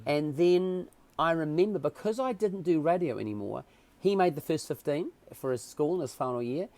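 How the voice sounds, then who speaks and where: A middle-aged man, a podcast guest telling personal stories in a lively, emotional way. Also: on the high side, normal speed, no room sound. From New Zealand. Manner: animated, emotional storyteller who acts out quotes. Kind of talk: casual storytelling chat.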